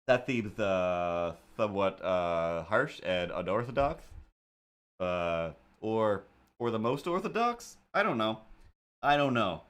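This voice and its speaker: A man hosting a live stream, telling a rambling, animated anecdote in a casual tone. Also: fairly low pitch, slow. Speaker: host.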